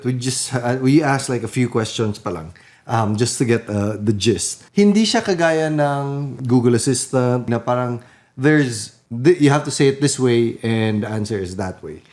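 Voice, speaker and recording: A man's voice: medium pitch, moderate pace, a little mellow. A man co-hosting a podcast in easygoing, casual chat. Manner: easygoing, laughs, switches into Tagalog. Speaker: podcast co-host.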